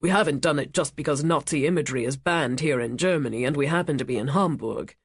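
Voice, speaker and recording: A woman voicing a commanding, wealthy male ship owner who speaks in a measured, authoritative and evasive way. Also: sits low, breathy edge, no room sound, clean studio sound.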